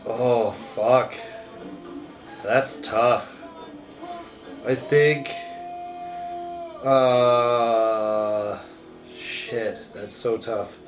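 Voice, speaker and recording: A man talking casually with friends, rambling and restarting as he hunts for the right words. His voice sits at an ordinary middle pitch, with faint music behind him. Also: steady tone, extremely slow, long pauses. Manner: rambling, many fillers and restarts. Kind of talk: casual chat.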